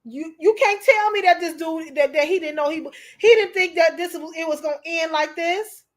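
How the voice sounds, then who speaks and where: Emotional, preachy high-voiced woman. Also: moderate pace. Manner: preachy, repeats herself, calls listeners honey. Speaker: commentator. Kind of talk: emotional commentary.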